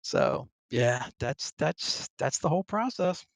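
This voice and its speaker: A man's voice: a little high, lively intonation, slow, gravelly, no echo. A middle-aged Navy veteran being interviewed over a voice call. He tells his story casually, full of ums and restarts, and laughs between phrases. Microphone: online voice call.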